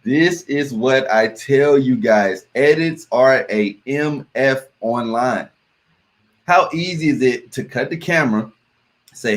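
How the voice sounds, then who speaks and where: A man's voice: medium pitch, slow. A man hosting a reaction video, talking casually and emphatically to his viewers and repeating words for stress. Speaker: reaction channel host.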